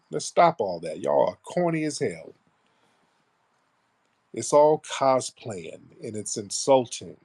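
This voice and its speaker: A man's voice: medium pitch, darkish tone. Blunt, mocking male radio host. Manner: blunt, mocking, rambling asides. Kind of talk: political commentary livestream.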